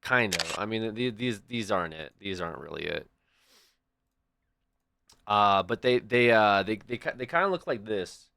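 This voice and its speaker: A young adult man chats casually to his stream viewers, rambling through stories with lots of restarts and storytelling asides. His voice sits on the low side and sounds animated, pushed and bright, with vocal fry, a moderate pace and long pauses.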